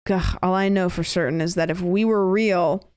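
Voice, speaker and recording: A woman's voice: fairly low pitch, steady tone, darkish tone, smooth, no echo, close to an everyday voice. A woman voicing a chatty Australian man who muses about conspiracy theories, tacking "mate" onto the ends of his sentences. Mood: musing. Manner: drawn-out, ends lines with "mate".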